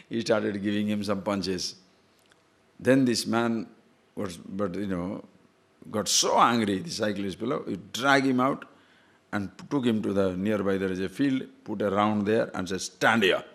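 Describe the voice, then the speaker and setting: Man, spiritual teacher, lowish voice, storytelling discourse, chuckling, rhetorical questions. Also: a little slow.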